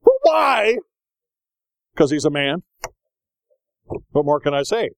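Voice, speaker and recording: An older man preaching a sermon in a folksy, animated storytelling way, slipping into voices as he tells stories. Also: a little high, unhurried, dry recording, poor audio.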